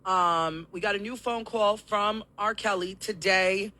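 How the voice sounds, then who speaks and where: A woman hosting a live-streamed talk show, hoarse from coughing and a little out of breath, apologetic as she explains things at length to her viewers. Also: mid-range voice, fairly even intonation, measured pace, bright, forceful tone.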